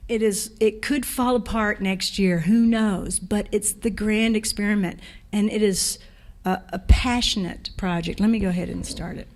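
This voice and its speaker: A woman giving a guest lecture in a lecture hall, talking fast and energetically, correcting herself and chatting with the audience. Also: medium pitch. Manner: energetic, rushed, self-correcting, speaks to audience. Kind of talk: public art lecture.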